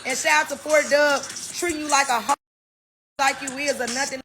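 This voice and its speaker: Bright, high-voiced woman ranting defiantly. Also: steady tone, moderate pace, slight background noise. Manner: defiant, boastful, cursing. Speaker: reality show personality. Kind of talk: heated rant to camera.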